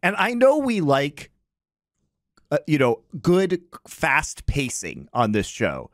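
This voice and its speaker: A man's voice: a little high, wildly swooping pitch, slow, no room sound, clean studio sound. A man hosting a casual film podcast, talking at length with frequent restarts and laughter. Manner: chatty, stumbling restarts, laughs often. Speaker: podcast host. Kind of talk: casual chat.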